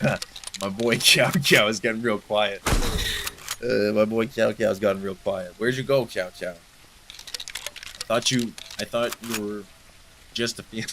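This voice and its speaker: A young Canadian man with an East Coast accent, chatting fast and jokingly with viewers while he streams a game, full of slang and banter. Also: on the low side, noisy background. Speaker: livestream gamer. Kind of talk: casual chat with chat while gaming.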